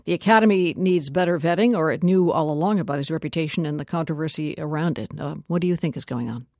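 A news radio host introducing a story and questioning a guest in a measured way, with frequent "uh" fillers, on a studio microphone. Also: medium pitch, a little mellow, no echo. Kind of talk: news interview.

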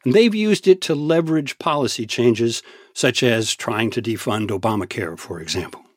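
Husky measured man explaining politics. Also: medium pitch, lively intonation, no room sound. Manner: measured, explanatory, dry asides. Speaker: senior political editor and correspondent. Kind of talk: radio news interview answers.

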